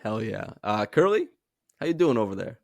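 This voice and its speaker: A man's voice: lowish voice, very animated, moderate pace, creaky, dry recording, studio quality. A man in his twenties hosting a casual podcast, joking and rambling through introductions. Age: 20s. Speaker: podcast host.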